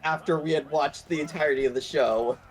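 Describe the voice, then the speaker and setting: Rambling, fast-talking male game streamer. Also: fairly high pitch, fairly even intonation. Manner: quick, rambling, filler-heavy. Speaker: streamer playing a fighting game with friends. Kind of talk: casual chat.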